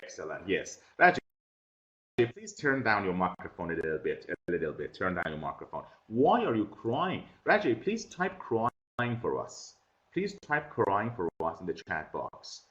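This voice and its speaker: Teaching English online, a patient man repeats questions and instructions slowly in a low, sing-song voice that's a bit bright. The sound comes through a computer microphone on a video call and is dull and lo-fi.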